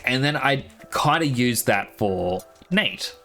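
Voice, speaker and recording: A man's voice: mid-range voice, animated, unhurried, sharp tone, faint music behind. A man streaming live, chatting casually and rambling with laughs, his throat dry from talking for a long time.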